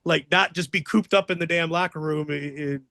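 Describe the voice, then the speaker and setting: High, bright-voiced man telling wild road stories. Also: normal speed, dry recording, studio quality. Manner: profane, excitable storyteller acting out others' voices. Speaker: wrestling guest telling stories. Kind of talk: casual storytelling interview.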